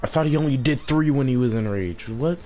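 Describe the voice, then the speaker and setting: A man giving casual, excitable commentary while playing a video game, shouting at the monster he is fighting and exclaiming often. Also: mid-range voice, fairly quick, slight background noise. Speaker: gaming streamer.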